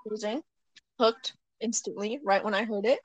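A woman's voice: medium pitch, normal speed, slightly rough, dry recording, low-quality recording. A young woman chatting casually at home as a podcast co-host, rambling, giggling and correcting herself as she goes. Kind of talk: casual chat. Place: at home on her bed.

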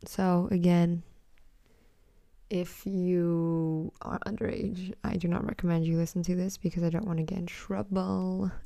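A woman's voice: on the low side, level tone, a little slow, gravelly, warm tone, no echo. A teenage girl hosting a casual solo podcast, reading texts aloud in a giggly, blunt way and swearing freely. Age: teens. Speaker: podcast host.

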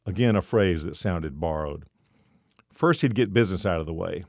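A man narrating a short story in a measured storytelling manner. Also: sits low, a little mellow, no echo, studio quality.

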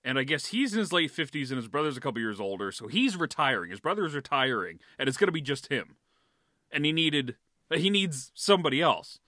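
A man's voice: a little high, big pitch swings, a little fast, sharp tone, no echo, studio quality. A man chatting casually on a podcast, hesitant and self-deprecating, with frequent ums. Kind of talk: casual chat.

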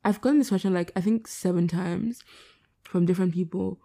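A young woman talks through her solo podcast late at night, candid and rambling, with a tired edge. Her voice is low, mellow and gravelly with plenty of fry. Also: fairly quick. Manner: rambling, candid, self-deprecating. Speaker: podcast host. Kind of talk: casual solo podcast chat. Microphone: laptop setup.

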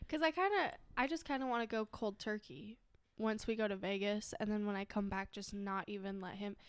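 A woman's voice: medium pitch, a little fast, clean tone, no echo. A young adult woman co-hosting a casual podcast, telling stories in a chatty way and laughing often. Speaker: podcast co-host. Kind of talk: casual chat.

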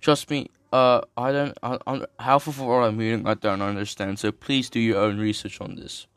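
A young man reads an article aloud in a casual, slangy way, tripping over hard terms and cracking jokes between lines. His voice sits at an ordinary middle pitch. The sound is dry and close. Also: fairly even intonation, normal speed, smooth, no room sound. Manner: slangy, jokey asides, stumbles over terms. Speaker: streamer reading an article. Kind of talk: casual reading with commentary.

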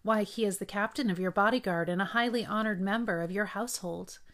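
A woman's voice: medium pitch, brisk, natural voice. A woman reading the lines of a pleading, loyal male priest.

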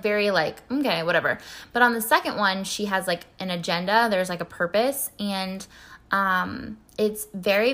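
Woman doing a book vlog, bright sharp voice, loads of likes and ums, candid chatty vibe. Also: fairly low pitch. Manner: rambling, heavy on fillers like "like" and "um"; chatty and candid, light laughs. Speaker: book vlogger. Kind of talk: casual book review chat.

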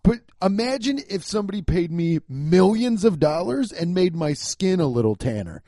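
A man's voice: high-pitched, normal speed, dry recording, studio quality. A man hosting a podcast, riffing in a comedic rant, swearing often and laughing as he talks. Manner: profane, laughing, animated riffing. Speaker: podcast host.

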